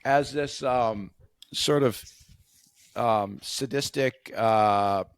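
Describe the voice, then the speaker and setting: A man co-hosting a podcast in casual chat, enthusiastic, with halting restarts. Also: mid-range voice, smooth, no echo. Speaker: podcast co-host.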